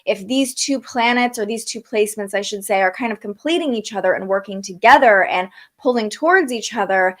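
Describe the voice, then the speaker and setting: A woman's voice: medium pitch, brisk, hardly any pauses, fairly bright tone. A young woman giving a casual astrology forecast, chatty, with frequent fillers and restarts. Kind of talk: casual livestream talk.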